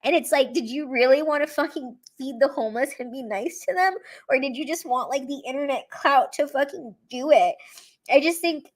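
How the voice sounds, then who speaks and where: A woman's voice: high voice, moderate pace. A young woman chatting casually on a livestream, tearful and emotional, rambling and swearing freely. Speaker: comedian livestreaming to fans.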